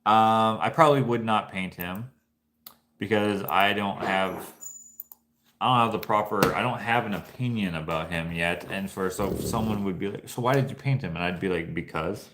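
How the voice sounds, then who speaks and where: A man with a fairly low voice talks in a loose, casual vlog manner and often restarts his sentences as he thinks aloud. The sound is roomy and echoey. Faint background noise sits under his voice. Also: steady tone, normal speed. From Canada. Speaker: painter and channel host. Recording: echoey room.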